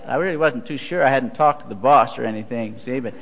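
A man's voice: mid-range voice, fast, gravelly. Older man, folksy storytelling sermon, self-deprecating, dull lo-fi archive sound, long hall reverb. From Missouri. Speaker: church leader. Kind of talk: humorous anecdotal sermon. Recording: dull, echoey hall recording.

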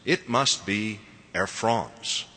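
A preacher quoting a prim French executive. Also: male voice, mid-range voice, animated, slow pace, bright, forceful tone, exaggerated voice. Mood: stern. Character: stiff, proper French male executive. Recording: long reverb of a large hall.

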